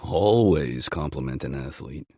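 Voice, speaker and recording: A man's voice: a bass voice, expressive, measured pace, mellow, husky, no echo, studio quality, full character voice. A man playing a cocky, teasing hockey player. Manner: confident, teasing. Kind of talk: audiobook character voicing.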